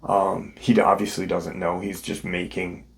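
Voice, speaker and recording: A man's voice: sits low, flat delivery, normal speed, creaky. A man hosting a paranormal channel, casually retelling someone's story in an unscripted way, with frequent ums and restarts. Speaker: host of a paranormal encounter channel.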